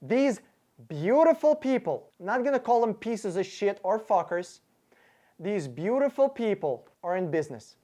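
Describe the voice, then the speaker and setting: His voice sits high, warm and animated at a moderate pace as he hosts his car-buying channel. In a casual rant to camera, he's angry, sarcastic, and profane, thinking aloud through the costs and frequently tripping over his words.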